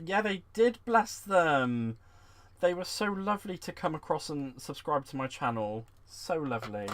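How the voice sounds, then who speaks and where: A man's voice: a little high, moderate pace. Bubbly man hosting a live craft stream. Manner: bubbly and excitable, giggles often, fond terms like "sweetheart" and "bless". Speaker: crafting livestream host. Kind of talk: live crafting stream, chatting to viewers while reading comments. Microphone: desk microphone.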